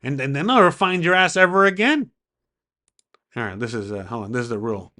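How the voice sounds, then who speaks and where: A man vlogging, telling a story to camera in an excitable way, swearing freely and acting out what people said. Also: medium pitch, a little fast. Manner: excitable, swearing, acts out the quoted dialogue.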